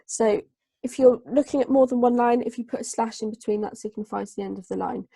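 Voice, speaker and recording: Gravelly low-key woman tutor. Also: mellow, no room sound. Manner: slow, hesitant dictation with many fillers while writing. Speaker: English tutor. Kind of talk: online group tutorial.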